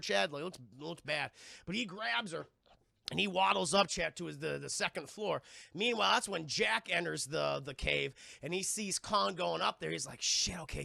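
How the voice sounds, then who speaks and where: A man live-streaming a casual, profane scene-by-scene film retelling, animated and slipping into quick voices for the characters. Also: high-pitched, creaky, no echo, studio quality.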